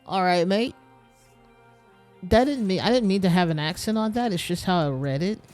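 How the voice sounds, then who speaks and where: A streamer voicing a chummy young male gamer customer, loud and full of slang. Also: mid-range voice, normal speed, soft background music, natural voice. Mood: chummy, pushy. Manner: laddish slang, calls everyone mate. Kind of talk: reading game dialogue aloud.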